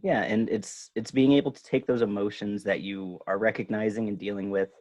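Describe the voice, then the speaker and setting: A man's voice: fairly low pitch, fairly even intonation, a little fast, a little mellow. A young man hosting his podcast, chatting casually and agreeably, with many filler words. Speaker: podcast host. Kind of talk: casual interview chat.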